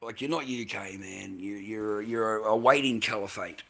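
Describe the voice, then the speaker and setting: A man's voice: lowish voice, normal speed, gravelly, sharp tone. Swearing Australian man ranting. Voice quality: crude, swearing, repeats himself. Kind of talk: profane rambling rant.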